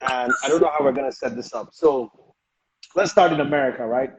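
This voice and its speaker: A man's voice: medium pitch, brisk, a loud crowd, poor audio. A man hosting a live phone chat, easily amazed. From Nigeria. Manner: excitable, amazed. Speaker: host.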